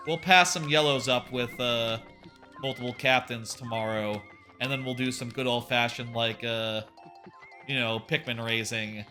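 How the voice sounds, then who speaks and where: A man's voice: medium pitch, measured pace, soft background music. A man streaming a video game, chatting casually in a rambling way with lots of fillers and swearing, sometimes acting out quotes. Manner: rambling, swears, many fillers, animated quoting. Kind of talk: casual gameplay commentary.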